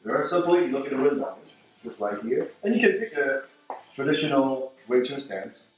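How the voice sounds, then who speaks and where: A man's voice: medium pitch, animated, fairly quick. A man demonstrating martial arts moves, speaking in broken English and repeating words as he shows each move. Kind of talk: demonstration lesson. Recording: roomy echo, mic at a distance, faint music.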